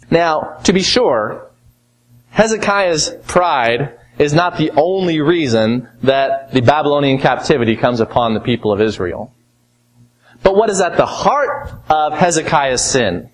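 A man preaching an expository sermon, asking rhetorical questions and moving from emphatic to quiet, slow stresses. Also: mid-range voice, lively intonation, low-quality recording. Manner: teaching, asks rhetorical questions.

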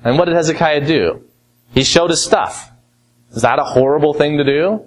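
A man preaching an expository sermon, asking rhetorical questions and moving from emphatic to quiet, slow stresses. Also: fairly high pitch, low-quality recording. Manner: teaching, asks rhetorical questions.

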